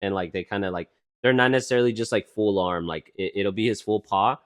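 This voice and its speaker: A man's voice: fairly low pitch, fast talker. A young man co-hosting a casual podcast. He rambles with many fillers and teases his co-host. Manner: rambling, full of fillers, teasing.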